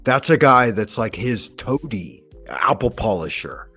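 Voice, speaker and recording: A man with a husky, slightly breathy voice delivers profane, sarcastic reaction commentary. He talks in emphatic bursts with faint music underneath. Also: fairly low pitch, very animated, unhurried, pushed and bright. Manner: emphatic, sweary, sarcastic ranting. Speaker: commentary video host.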